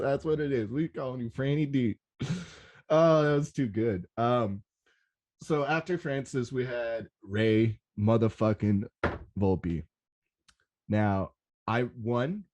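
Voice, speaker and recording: A young man hosting a rave podcast, talking in an excitable, rambling way and swearing often. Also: mid-range voice. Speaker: podcast host. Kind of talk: casual solo podcast recap.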